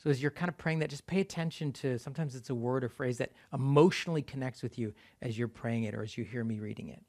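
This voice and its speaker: Male pastor, gravelly, mid-pitched; measured sermon delivery with phrases that fade at the ends. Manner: slow measured reading, trailing off softly at line ends. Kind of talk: sermon, leading a prayer.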